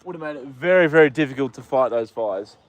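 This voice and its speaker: A man's voice: medium pitch, expressive, fast. A young Australian man hosting a casual live stream outdoors with his horse, greeting viewers by name with lots of fillers. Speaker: livestream host.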